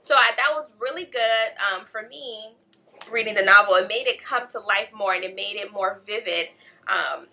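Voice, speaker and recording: A woman's voice: mid-range voice, moderate pace, sharp tone, poor audio. A woman casually reviewing a novel for her vlog, chatty and gushing, full of fillers and "like". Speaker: book vlogger.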